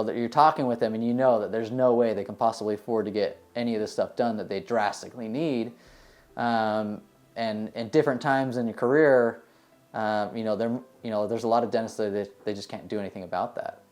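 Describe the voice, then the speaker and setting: A man from the United States, a dentist, answering interview questions in a relaxed, rambling way with many fillers. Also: medium pitch. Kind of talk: casual interview answers, storytelling.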